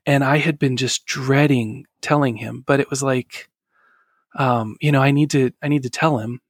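A man's voice: medium pitch, fairly even intonation, no room sound, clean studio sound. Earnest middle-aged man telling his story. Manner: earnest, halting, with soft laughs. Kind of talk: casual personal storytelling.

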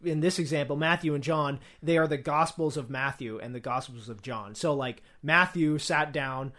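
A man's voice: on the high side, normal speed, bright, forceful tone. A young man co-hosting a casual podcast, reading from his notes with frequent fillers and restarts. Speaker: podcast co-host.

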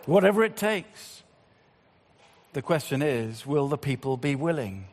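A man preaching a sermon, swinging between loud appeals and hushed, slow passages. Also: mid-range voice, very animated. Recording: long hall reverb.

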